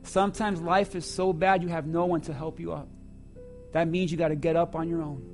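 A man preaching a sermon to his church, swinging between loud emphasis and hushed asides. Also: a little high, level tone, fairly quick, faint music behind. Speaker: pastor.

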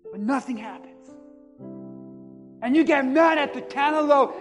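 Man, pastor, sermon, very high-pitched, animated, shouts for emphasis, long reverb, faint music behind. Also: unhurried. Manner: animated preaching, acts out quotes, shouts for emphasis. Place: church.

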